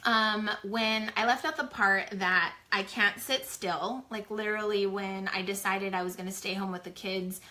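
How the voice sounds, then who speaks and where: Casting: woman, 40s, chatty live-chat storyteller, bright forward voice. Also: mid-range voice, moderate pace, few pauses. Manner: chatty, animated, heavy use of "like". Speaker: small business co-owner sharing her story.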